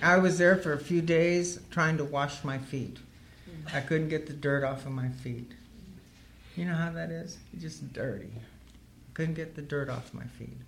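A woman's voice: deep voice, a little slow, gravelly, slight background noise. A woman sharing her recovery story as humorous personal storytelling, earthy and wry, laughing as she goes.

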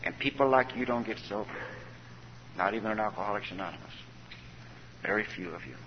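This lowish, brisk male voice belongs to a folksy storyteller on a conference stage, sharing his personal recovery story and often performing the lines people spoke to him. There's a bit of hiss or hum, and the hall audio is dull and echoey.

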